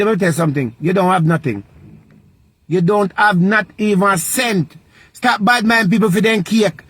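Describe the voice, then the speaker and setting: A man's voice: high-pitched, a bit bright, husky, no echo. A man with a Jamaican accent delivering a scolding vlog rant, lecturing in a repetitive, sing-song preaching cadence. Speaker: vlogger. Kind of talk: scolding social media rant.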